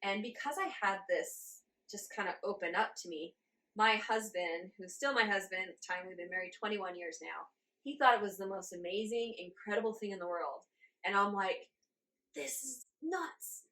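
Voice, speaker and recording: A woman in her forties, a guest in an interview, telling her story in a lively way, laughing often and acting out her own reactions. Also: mid-range voice, moderate pace. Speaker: guest channeler.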